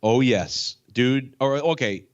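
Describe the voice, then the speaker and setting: A man's voice: mid-range voice, slow, lo-fi sound. Rambling, profane male comedian on a call. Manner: profane, rambling, excitable ranting. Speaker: comedian guest. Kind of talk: casual chat.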